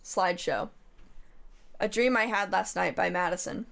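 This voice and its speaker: A woman's voice: fairly low pitch, normal speed, vocal fry, fairly bright tone. A woman streamer giving comedic livestream commentary, reading slides aloud in a playful, rambling way and jumping into goofy bits.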